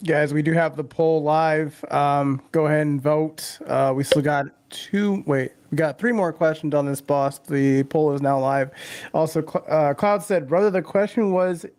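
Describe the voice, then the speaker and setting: A man's voice: a little high, measured pace, a little mellow, smooth, no echo. A man hosting a casual gaming podcast who reads out viewer questions and jokes with his guests. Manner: playful and joking. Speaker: podcast host.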